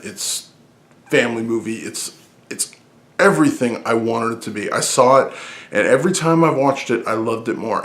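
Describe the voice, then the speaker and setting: Excited rambling man talking movies. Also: medium pitch. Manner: excited, rambling, frequent restarts and fillers. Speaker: podcast host. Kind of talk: casual movie-list talk.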